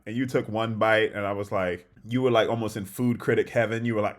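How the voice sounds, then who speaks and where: A man's voice: mid-range voice, moderate pace. A man co-hosting a relationship podcast, talking casually and acting out little stories with quoted lines. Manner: animated storytelling, acts out quotes. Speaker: podcast co-host. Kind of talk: casual conversation about relationships.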